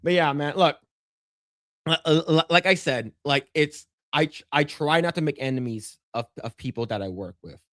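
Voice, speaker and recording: A man's voice: fairly high pitch, moderate pace, a bit bright, no room sound, studio quality. A man co-hosting a livestream, telling a long story in loose, profane chat full of restarts and stammers. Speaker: podcast co-host.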